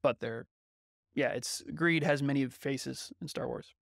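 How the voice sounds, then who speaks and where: Man with a gravelly voice. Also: medium pitch, a little slow, no room sound, clean studio sound. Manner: thoughtful, analytical, searching for words. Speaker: podcast co-host. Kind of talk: casual podcast discussion.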